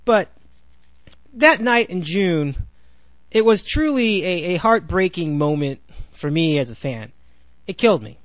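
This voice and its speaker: A man's voice: sits high, big pitch swings, unhurried, no room sound. A man in his twenties hosting a solo sports podcast, rambling with sarcastic asides and frequent self-corrections. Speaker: podcast host.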